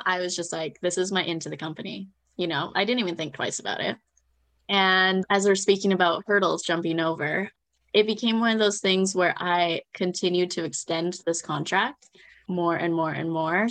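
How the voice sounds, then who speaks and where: A young adult woman in a casual interview, telling a personal story in a chatty, animated way, often acting out what others said and laughing. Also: on the low side, moderate pace. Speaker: guest.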